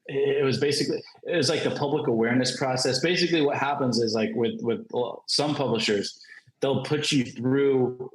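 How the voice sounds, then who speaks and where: A man spins a casual story with lots of "like" and frequent laughter. His voice sits at a middle pitch. The room around him rings with a noticeable echo. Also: moderate pace, slight background noise. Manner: animated storyteller, laughs often, many "like" fillers. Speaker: comic creator, panel guest. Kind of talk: casual anecdote on a virtual panel. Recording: roomy echo.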